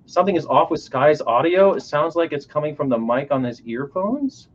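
A man's voice: fairly high pitch, big pitch swings, moderate pace. A man with a middling voice chats casually and mutters as he sorts out audio settings. His audio is dull and lo-fi, with faint background hiss. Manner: frustrated, muttering about audio. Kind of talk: casual chat. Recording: muffled lo-fi call with faint noise.

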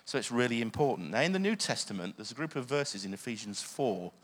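A man's voice: mid-range voice, big pitch swings, quick pace. A man preaching a sermon, earnest, often asking the listeners questions. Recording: long hall reverb.

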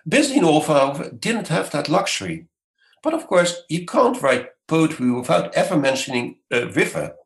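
Gravelly-voiced man explaining at length. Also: a little high, sing-song, low-quality recording. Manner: measured, lecturing, many hesitations. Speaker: scholar guest. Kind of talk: explanatory interview answer.

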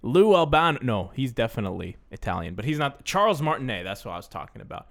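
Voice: mid-range voice, big pitch swings, fast, vocal fry. A podcast co-host chatting casually in an easygoing way. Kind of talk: casual chat.

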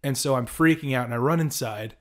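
Young male podcast co-host, casual storyteller, animated. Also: mid-range voice, brisk. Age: young adult. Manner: animated storyteller, acts out quotes, frequent ums and throat clearing.

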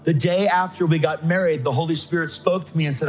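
On the high side and fast, this guest preacher barely pauses as he excitedly and emphatically tells his own story in a testimony sermon, acting out voices. Faint music sounds behind him.

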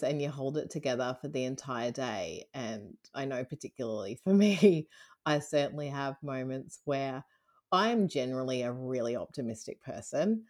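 Woman in her 30s telling her story, low voice, laughs a lot, candid. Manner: candid, laughs often, lively when retelling. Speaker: interview guest. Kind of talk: personal storytelling in a casual interview.

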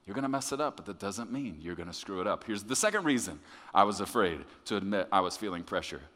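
Male pastor, lowish forceful voice, conversational sermon delivery, long hall reverb. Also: animated, fast. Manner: conversational, with restarts, swinging from quiet to loud and emphatic.

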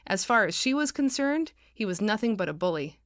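A woman's voice: mid-range voice, big pitch swings, a little fast, fairly bright tone, no echo. Woman author reading her audiobook, wry, dry close sound. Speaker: author narrating own novel. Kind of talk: audiobook narration.

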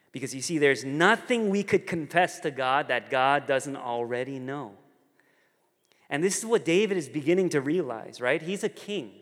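A man preaching a sermon, telling stories in an animated way and acting out the characters. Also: on the high side, long reverb tail. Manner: storytelling, animated, voices characters. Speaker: pastor.

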